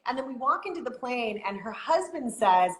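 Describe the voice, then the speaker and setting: A middle-aged woman hosting a casual conversation and telling anecdotes in a lively, chatty way. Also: on the high side, moderate pace. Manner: animated storyteller, chatty and warm. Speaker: host. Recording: roomy echo.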